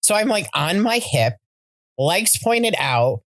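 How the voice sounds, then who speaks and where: A woman co-hosting a podcast, chatting casually and telling animated stories with some swearing. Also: mid-range voice, slow pace, no echo. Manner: animated storyteller, swears freely. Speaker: podcast co-host. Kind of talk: casual chat.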